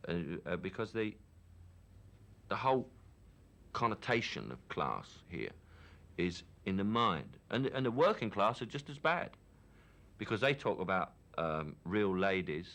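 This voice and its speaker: A man's voice: fairly low pitch, very animated, a little slow, a bit bright. A man with a Cockney accent from London, giving a frank, opinionated and reflective account in a candid documentary interview. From London, England.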